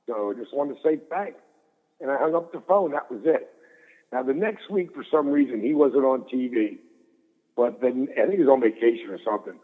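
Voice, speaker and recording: Man, middle-aged, interview guest, animated storyteller, swears, tinny phone line. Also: mid-range voice, fairly quick, long reverb tail.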